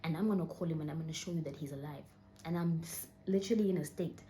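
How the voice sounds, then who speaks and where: A woman's voice: low-pitched, fast, dark tone, slight background noise. A young woman in her twenties with a Southern African accent, telling a personal story while holding back tears and often sinking to a near whisper. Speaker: vlogger. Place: indoors, seated.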